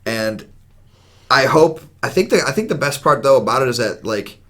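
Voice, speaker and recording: A young man co-hosting a casual podcast, ranting in an animated, profane way. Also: mid-range voice, normal speed. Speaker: podcast co-host.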